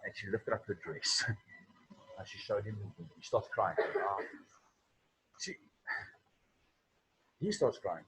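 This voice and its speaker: A man's voice: fairly low pitch, slow pace, pauses often, fairly bright tone, breathy edge, low-quality recording. A man with a South African accent, preaching to young people in a conversational storytelling way.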